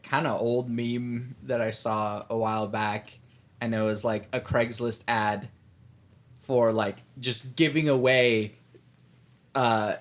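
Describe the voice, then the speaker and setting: A man with an Oklahoma accent hosting a casual podcast, laughing often and hedging his questions. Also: mid-range voice. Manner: unhurried, laughs often, hedges with like. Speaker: podcast host.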